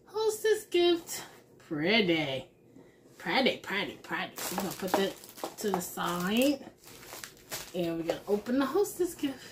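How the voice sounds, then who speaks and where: A woman chatting casually to her viewers while opening craft mail, gushing and excited, and a mother. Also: lowish voice, a little slow, long pauses, a little hiss or hum. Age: adult with a son. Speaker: crafting vlogger. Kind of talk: casual unboxing chat.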